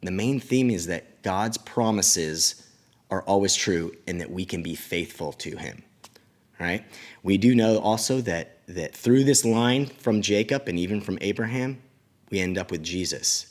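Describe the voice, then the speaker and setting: A man who teaches children at church, retelling a Bible story in a casual, animated way with chatty asides. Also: low voice, measured pace.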